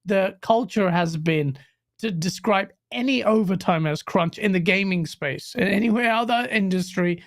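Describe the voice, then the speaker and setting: A man's voice: sits high, normal speed. Man, blunt joking podcast guest. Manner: blunt, joking, swears casually. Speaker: guest content creator. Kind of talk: casual podcast chat.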